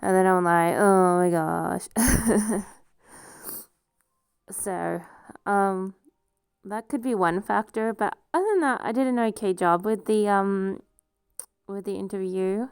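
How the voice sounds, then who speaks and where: Speaking slowly and pausing often, this woman has a medium-pitched voice and a clean tone, captured in studio quality with no echo. She's a vlogger with a noticeable non-standard accent, rambling self-deprecatingly to camera and laughing a lot in a casual personal monologue.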